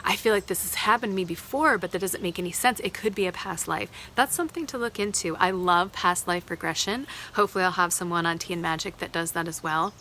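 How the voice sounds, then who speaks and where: A woman's voice: lowish voice, fast, few pauses, pushed and bright, a little hiss or hum. A woman hosting a live tarot card reading, speaking earnestly and emotionally, thinking aloud with fillers.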